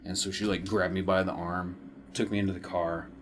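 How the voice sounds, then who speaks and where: A man with a lowish voice talks in a relaxed, casual way, spinning long stories and laughing easily. There is a faint hum in the background. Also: a little fast. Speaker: co-host. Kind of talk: casual chat.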